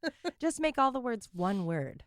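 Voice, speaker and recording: A woman co-hosting a podcast, chatting casually as she reads a story and often giggling and tripping over words. Her pitch swings in a lively way, and the sound is dry and close. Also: normal speed, dry recording. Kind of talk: casual chat while reading a story.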